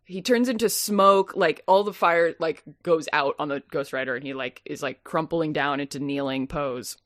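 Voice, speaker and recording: A woman's voice: low-pitched, moderate pace, no room sound, studio quality. A woman co-hosting a movie podcast, rambling and laughing as she picks apart a film. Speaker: podcast co-host. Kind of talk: casual movie-review chat.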